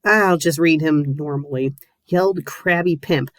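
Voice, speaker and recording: A woman reading a fan story aloud with mocking, deadpan asides. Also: low-pitched, a little slow, no room sound. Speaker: fanfiction reviewer. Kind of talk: sarcastic dramatic reading with commentary.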